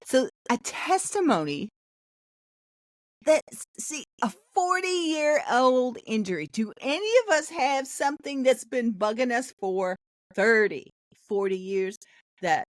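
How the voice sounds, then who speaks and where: A woman's voice: fairly high pitch, measured pace, no echo, clean studio sound. An older woman pastor, a podcast guest, telling a faith testimony in a casual interview and animating the people in her story. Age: 60s. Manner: animated storyteller acting out quoted voices.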